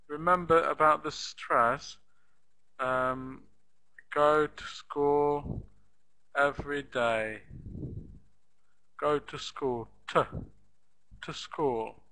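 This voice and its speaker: Man, English teacher, slow and patient, bright tone, repeats example phrases for learners. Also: on the high side, poor audio. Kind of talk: live online class teaching.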